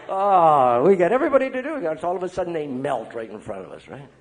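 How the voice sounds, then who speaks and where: An older man, a priest speaking at a recovery meeting, telling lively stories and checking in with the crowd as he goes. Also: high voice, muffled recording. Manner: lively storyteller, acting out quoted voices. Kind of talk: recovery meeting talk to an audience.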